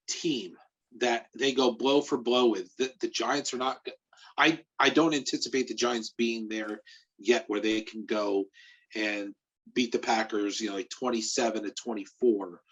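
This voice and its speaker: A man who writes about sports talks through his picks on a casual podcast, halting and restarting as he thinks. His voice is husky and mid-pitched. The recording sounds dull and lo-fi. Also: fairly bright tone. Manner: hesitant, halting.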